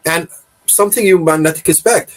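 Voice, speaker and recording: Earnest man, slightly high voice. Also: slight background noise, rough recording. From Iraq. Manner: earnest, non-native phrasing, slow stresses on key words. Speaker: guest. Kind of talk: conversational interview.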